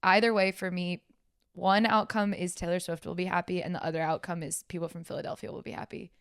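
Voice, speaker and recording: Lively young woman co-host. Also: lowish voice, smooth, no echo, studio quality. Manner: animated, joking, quick to correct others. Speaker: podcast co-host. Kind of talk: casual podcast chat.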